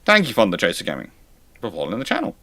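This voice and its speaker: A man's voice: lowish voice, huge pitch swings, racing, sharp tone, no echo. A man hosting a live-stream history lecture, explaining in a conversational, digressive way. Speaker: host.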